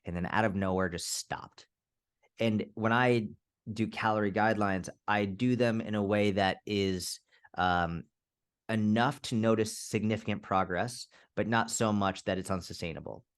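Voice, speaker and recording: A man in his thirties, a fitness coach, talking casually on a podcast and telling animated stories with frequent swearing. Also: fairly low pitch, moderate pace, smooth. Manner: animated storyteller, swears freely.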